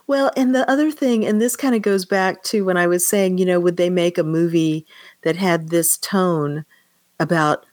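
A woman's voice: fairly low pitch, fairly even intonation, normal speed, darkish tone, dry recording. A woman co-hosting a podcast, chatting casually about a film and retelling scenes with acted quotes and frequent laughs. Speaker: podcast co-host.

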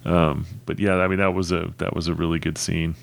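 A man's voice: sits low, little pitch movement, fairly quick, vocal fry, no room sound. A man co-hosting a casual book discussion, mostly giving short agreeing replies and laughing easily. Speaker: podcast co-host.

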